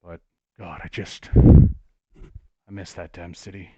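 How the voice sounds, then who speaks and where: A man's voice: very deep voice, fairly even intonation, a little slow, no room sound, dull audio. A man voicing a wistful, loyal shifter family man who talks in a nostalgic, rambling and blunt way.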